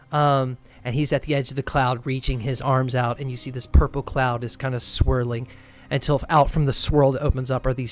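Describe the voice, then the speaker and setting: A man running a tabletop game as game master, narrating scenes in a relaxed, descriptive way. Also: mid-range voice.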